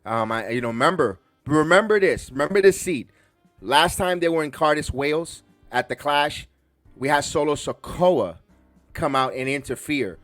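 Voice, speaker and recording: A man from the Bronx hosting a podcast, reviewing a wrestling show in a rambling, excitable way full of restarts. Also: a little high, normal speed, no room sound, faint music behind. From the Bronx, New York. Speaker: podcast host.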